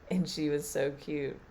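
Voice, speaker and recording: A woman teacher giving a reflective spiritual talk on a live stream, halting and trailing off with fillers. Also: rumbling low, creaky, a little mellow, slight background noise. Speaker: meditation and Reiki teacher.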